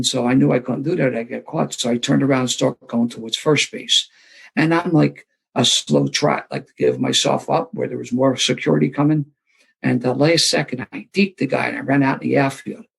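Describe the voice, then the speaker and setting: A man's voice: mid-range voice, normal speed, vocal fry, a bit bright, slightly rough, poor audio. A man, telling a self-deprecating story to a live recovery meeting and acting out the voices he quotes. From Philadelphia area. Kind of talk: storytelling talk to a live audience.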